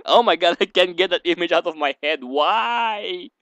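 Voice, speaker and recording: Smooth-voiced young man reading a game aloud. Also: high voice, fairly even intonation, fast, fairly bright tone, no room sound. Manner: rambling, giggly, reads dialogue aloud. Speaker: let's play host. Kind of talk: reading a visual novel aloud with commentary.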